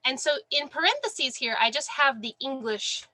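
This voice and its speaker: This sign language teacher's voice sits high and sounds very animated, bright and forceful, moving at normal speed. The recording is rough though echo-free. She teaches online from home over video call, a dog under her desk, encouraging students and naming them as she praises them.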